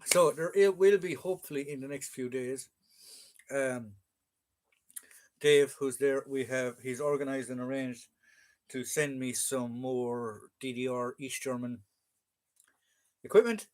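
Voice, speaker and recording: Irish man, livestream host, loose chatty delivery, plenty of ums and uhs, mid pitch. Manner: chatty and joking, with frequent fillers. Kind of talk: casual live chat reading viewer comments.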